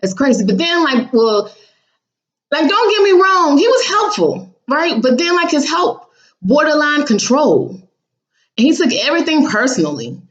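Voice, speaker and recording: A woman's voice: high-pitched, very animated, normal speed, highs cut off. A woman casually telling her viewers about a dream, blunt and sassy, acting out what people said in raised voices. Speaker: vlogger recounting a dream.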